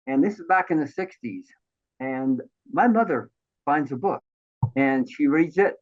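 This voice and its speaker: A man in his sixties telling his life story as an interview guest, animated and acting out the voices of the people he quotes. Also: mid-range voice. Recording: thin phone-like line.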